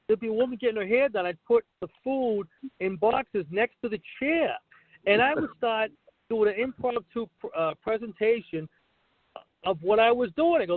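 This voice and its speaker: A man's voice: high voice, animated, normal speed, no echo. A middle-aged man, a comedian, telling stories from his career in a casual interview and acting out the dialogue. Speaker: guest, comedian. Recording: tinny call line, dry.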